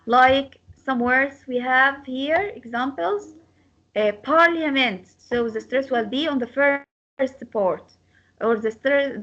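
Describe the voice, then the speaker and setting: A woman teaching an English lesson, repeating words slowly to model their pronunciation. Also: high voice, a bit bright. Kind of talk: classroom lecture. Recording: slightly dull lo-fi sound.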